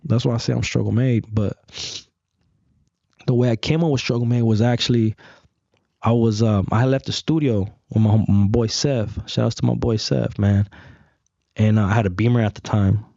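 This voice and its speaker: A man's voice: moderate pace, vocal fry, no echo. Slangy young man telling street stories. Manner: animated, slangy, full of "bro" and "dog"; acts out quoted lines in a higher, louder voice. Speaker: guest. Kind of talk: casual storytelling. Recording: dry, slightly dull audio.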